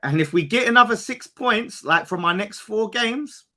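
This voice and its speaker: A man, an animated football fan pundit who swears and rants in casual podcast banter. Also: sits high, normal speed. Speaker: West Ham fan pundit.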